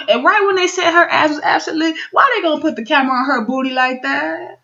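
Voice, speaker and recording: A woman's voice: sits high, expressive, a little fast, fairly bright tone, lo-fi sound. A woman giving a casual, profane recap of a reality show, bluntly acting out the cast's lines. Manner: blunt, profane, dramatic quoting of cast members.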